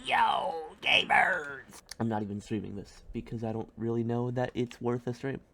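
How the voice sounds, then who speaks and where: A man streaming a building game, rambling casually with goofy jokes and sudden silly loud outbursts. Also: mid-range voice, level tone, brisk, crowd noise. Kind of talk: casual gameplay commentary.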